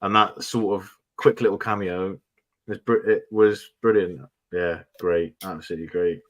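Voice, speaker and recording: Low voiced bloke rambling his opinions in a chat. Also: fairly even intonation, moderate pace. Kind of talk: casual chat.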